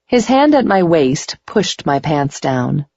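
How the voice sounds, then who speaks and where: A woman narrating a first-person romance audiobook in a slow, intimate way. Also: low voice, very animated, darkish tone, no room sound. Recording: slightly dull lo-fi recording.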